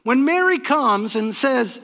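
Male pastor from New England, high voice, animated sermon storytelling, long hall reverb. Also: slow, vocal fry. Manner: animated storytelling, retelling scripture in his own words.

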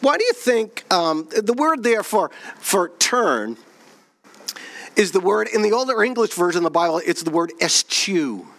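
Guy preaching a sermon, pretty high voice, asks the crowd questions, slows way down on the big lines. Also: expressive, fairly bright tone. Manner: asks the congregation questions, reads scripture aloud; slows and drops low on key phrases. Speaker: pastor.

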